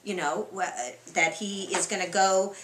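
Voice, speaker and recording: A woman's voice: mid-range voice, fairly even intonation, a little slow, echoey room, background noise. A woman leading an interactive Bible study, asking her group questions and reading scripture aloud with expression. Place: room with a small group.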